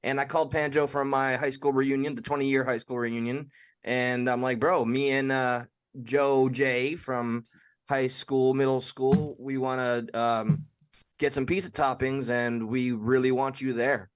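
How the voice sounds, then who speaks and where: A man of ordinary middle pitch hosts a live call-in show, chatting casually with friends. He keeps up a dry, joking banter and drops his jokes without fuss. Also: little pitch movement, unhurried, smooth, dry recording. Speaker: podcast host. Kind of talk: casual group chat.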